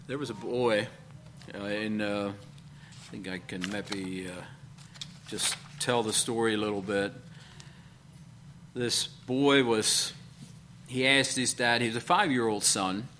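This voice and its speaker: A man preaching a sermon, speaking in halting bursts with frequent fillers and repeated questions to his congregation. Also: fairly low pitch, steady tone, pushed and bright, a little hiss or hum. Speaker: pastor.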